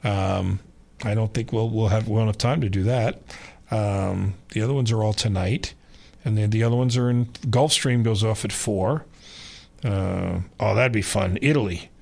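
A man's voice: lowish voice, normal speed, creaky, darkish tone. A man hosting a sports radio show who rambles and thinks aloud while he looks up races. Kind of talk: casual radio chat.

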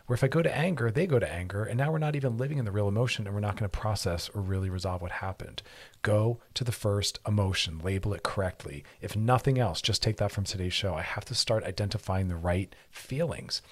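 A man with a husky, slightly low voice hosts an advice talk show. He teaches in an earnest, emphatic way and circles back to his key phrases for weight. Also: fast. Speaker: show host giving relationship advice.

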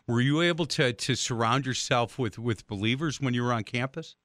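A man hosting a radio interview, telling stories in an animated way with many restarts. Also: mid-range voice, a little fast, dry recording, studio quality. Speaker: radio show host.

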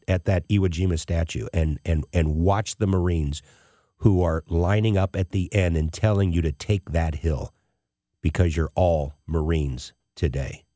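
A man's voice: sits low, darkish tone, dry recording, studio quality. A middle-aged man hosting a show, telling a personal story in an emotional, tearful way. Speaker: host.

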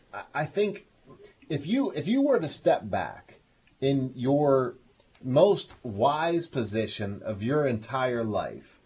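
A radio show host runs a call-in counseling program about emotional well-being, gently coaxing a caller with encouragement and frequent laughter. His medium-pitched voice is a little mellow with a breathy edge.

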